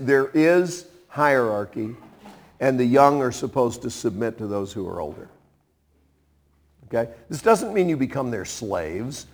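A man in his sixties, a pastor preaching a sermon in an animated way, acting out playful voices and chuckling as he goes. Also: medium pitch. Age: 60s.

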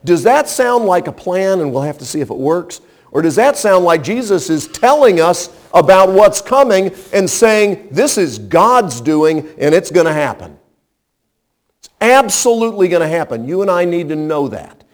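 A man's voice: high-pitched, animated, normal speed. A man preaching a sermon, emphatic and direct, asking the listeners rhetorical questions. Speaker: pastor.

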